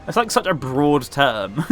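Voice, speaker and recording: A man talking through a video game on a live stream, jokey and chatty, often breaking into laughter. His voice sits at an ordinary middle pitch, with faint music playing behind him. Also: big pitch swings, a little slow. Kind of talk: casual gameplay commentary.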